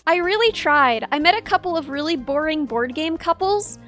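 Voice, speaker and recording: A woman's voice: sits high, lively intonation, moderate pace, a bit bright, faint music behind. A young woman streamer telling a wry story in casual chat, full of "like" and restarts. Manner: chatty, wry, lots of "like" and restarts.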